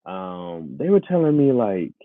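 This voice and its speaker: Animated low-voiced streamer man. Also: a little slow, a little hiss or hum. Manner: animated, laughs often, jumps into high voices. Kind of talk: casual live-stream chat with viewers. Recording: tinny phone-like, dry.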